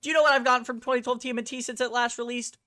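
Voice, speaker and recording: A woman's voice: a little high, steady tone, very fast, bright, forceful tone, dry recording, studio quality. A woman hosting her own vlog, ranting in a blunt, profane and heated way and throwing rhetorical questions at the viewer. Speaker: host. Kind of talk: ranting toy-collector vlog.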